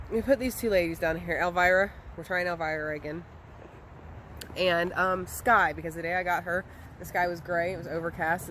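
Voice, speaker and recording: A woman's voice: lowish voice, a little hiss or hum. A woman, chatting casually and rambling with lots of ums as she talks to camera outdoors by a chicken coop. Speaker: homestead vlogger.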